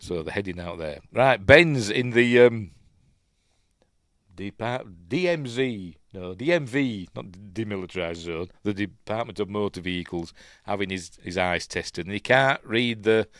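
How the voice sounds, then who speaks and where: Low-voiced rambling Yorkshire man. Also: a bit bright, no room sound, studio quality. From Yorkshire, England. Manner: rambling, chatty, easily sidetracked. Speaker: host. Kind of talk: casual live film commentary.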